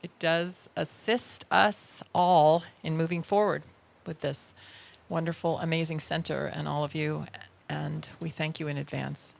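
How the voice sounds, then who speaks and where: Slow, gravelly-voiced female minister. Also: sits low, steady tone. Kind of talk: leading a church service.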